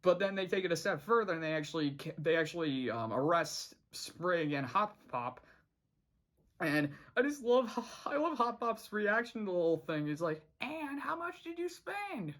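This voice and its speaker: This is an unscripted review vlog where the host rambles through an episode recap. The delivery is full of restarts and fillers. Frequent laughter and sudden jumps to a high pitch mark the funny moments. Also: lively intonation, moderate pace, a bit bright.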